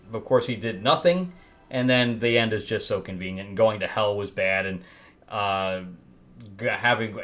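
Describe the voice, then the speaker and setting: A man hosting a casual comic book review, rambling and exasperated, with laughing asides. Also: lowish voice. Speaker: host.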